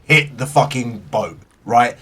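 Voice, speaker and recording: Game master guy, slow dramatic narration, sounds a bit far from the mic, faint hiss. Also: mid-range voice, expressive, pushed and bright, husky. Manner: vivid, swears freely, slow deliberate narration.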